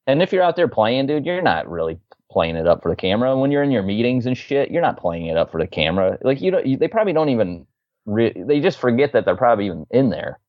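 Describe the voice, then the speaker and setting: A man's voice: mid-range voice, fast talker, no echo. Worked-up guy co-hosting a podcast, cusses a lot, slightly muffled dry audio. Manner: excitable, swears freely, laughs a lot. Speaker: podcast co-host. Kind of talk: casual chat.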